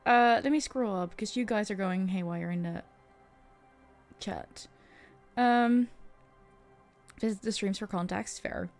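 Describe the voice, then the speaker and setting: A woman's voice: medium pitch, slow, long pauses, soft background music. A woman streamer playing a game, chatting casually, laughing often and reacting to her chat. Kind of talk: casual livestream chat over gameplay.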